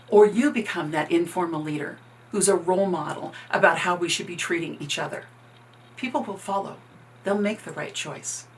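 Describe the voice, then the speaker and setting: A woman workplace coach telling a story, with dramatic pauses and shifting loudness. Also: medium pitch, a little hiss or hum. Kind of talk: storytelling talk.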